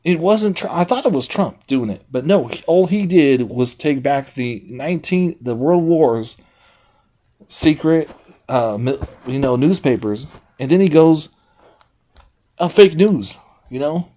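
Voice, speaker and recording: Talking to his chat during a casual livestream, this man has a fairly high voice and a measured pace. He wanders off topic, reads from a website aloud, and breaks into lively outbursts full of swearing.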